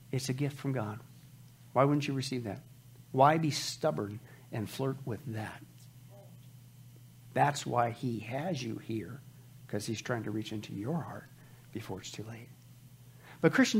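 Male pastor, sermon, urgent exhortation; slightly high, husky voice. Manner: urgent, exhortative preaching with sudden loud outbursts.

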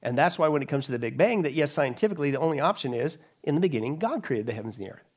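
A man's voice: a little high, lively intonation, rapid-fire. A man preaching a sermon to an audience, sarcastic and mocking, with many rhetorical questions.

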